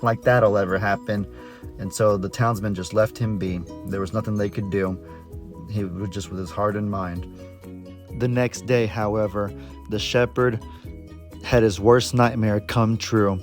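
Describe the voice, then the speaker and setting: A man's voice: on the low side, steady tone, a little slow, over music. A man who is a farmer vlogger, telling a story in a chatty, folksy way with frequent self-corrections. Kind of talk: casual storytelling vlog.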